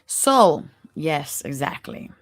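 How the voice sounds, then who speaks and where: Host of a live tarot stream: gravelly, close and dry, throat worn out, chatty and encouraging. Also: mid-range voice, big pitch swings, slow pace, no echo. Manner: chatty, encouraging, spiritual advice. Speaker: tarot reader and show host.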